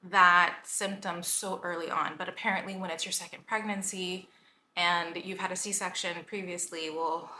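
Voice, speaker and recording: With a fairly low pitch and a sharp tone, a woman in her thirties chats casually in her pregnancy vlog. She works as a health coach and vlogger, sounds emotional and slightly out of breath, uses "like" constantly, and records in an echoey space with faint noise.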